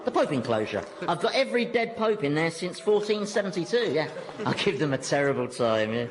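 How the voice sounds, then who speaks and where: A man's voice: a little high, sing-song, fairly quick, long reverb tail, poor audio. An actor voicing a sardonic male devil who rules hell, sarcastic and mocking. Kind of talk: 1990s radio comedy acting.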